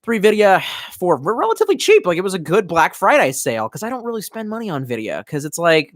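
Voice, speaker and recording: Brief: young male streamer, rambling profane rant, fairly high voice that swings widely, close and dry mic. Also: fast talker, no room sound. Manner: profane, rambling, animated storytelling. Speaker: live streamer. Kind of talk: casual live stream rant. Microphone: close desk mic.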